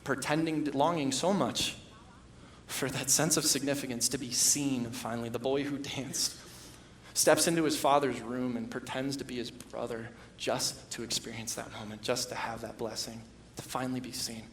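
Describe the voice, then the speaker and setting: A man preaching a sermon as pastor, moving from hushed storytelling to loud, impassioned emphasis. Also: mid-range voice, steady tone, normal speed, roomy sound, slight background noise. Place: church sanctuary.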